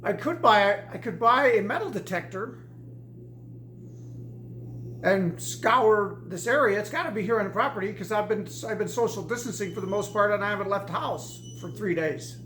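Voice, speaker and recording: A woman's voice: mid-range voice, expressive, moderate pace, a bit bright, roomy sound, slight background noise. A woman casually telling a personal story in a rambling way, with many restarts and repeats.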